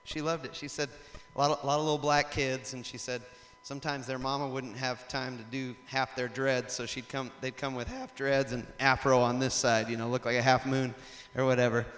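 A man preaching a sermon in a lively storytelling way, rising to loud emphatic passages. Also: medium pitch, a little fast. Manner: animated storytelling, acts out shouts and laughs. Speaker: pastor. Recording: long hall reverb.

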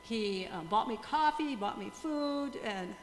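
A woman's voice: on the high side, measured pace. Older woman in an echoey hall. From USA or Canada. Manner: animated, laughing storyteller, praising God often. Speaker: missionary speaker. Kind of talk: testimony talk to a church group. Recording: echoey hall with faint hum.

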